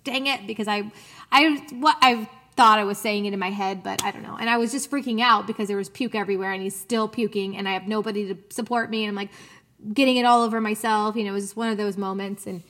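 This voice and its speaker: A woman's voice: medium pitch, fairly even intonation, fast, fairly bright tone. A woman co-hosting a casual podcast, telling stories in a chatty way with many fillers. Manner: chatty storytelling, lots of likes. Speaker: podcast co-host. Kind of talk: casual chat.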